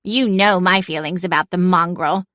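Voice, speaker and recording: A woman voicing a haughty, sharp-tongued female cat in a storybook reading, cool and disdainful. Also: fairly low pitch, fairly even intonation, moderate pace, no room sound, clean studio sound, lightly acted.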